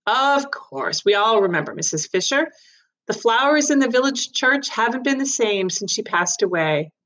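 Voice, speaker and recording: A woman voicing a brisk, officious woman magistrate in a storybook reading, polished and smoothly professional. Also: fairly high pitch, animated, a bit bright, pitched above the performer's own voice, rough recording.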